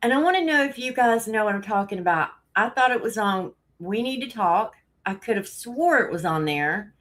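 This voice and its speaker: A woman's voice: mid-range voice, lively intonation, normal speed, a bit bright. A woman hosting a casual live stream, out of breath, rambling and laughing often as she greets viewers.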